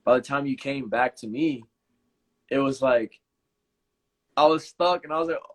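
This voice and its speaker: Hosting a relaxed live Q&A on his channel, this young man speaks at a moderate pace with a mid-range voice. His storytelling is easygoing, packed with filler words, especially "like," and he tends to say things twice.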